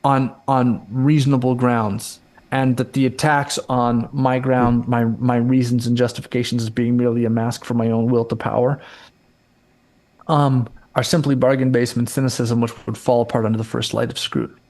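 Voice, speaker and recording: A man speaking as a returning guest in a long conversation, in a middle-pitched voice. He argues his point steadily, doubling words as he builds each claim. His voice is starting to give out. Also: flat delivery, moderate pace, darkish tone. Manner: argumentative, repeats words while building a point. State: losing his voice. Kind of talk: casual conversational interview.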